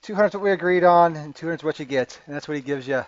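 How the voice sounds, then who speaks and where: A man's voice: on the high side, very fast. A man running a tabletop game as game master, narrating with many fillers and restarts. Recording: dull lo-fi sound.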